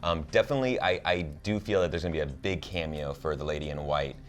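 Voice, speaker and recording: A young man co-hosting a casual TV recap, talking in an animated way with many fillers and restarts. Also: very deep voice, fast. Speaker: show co-host.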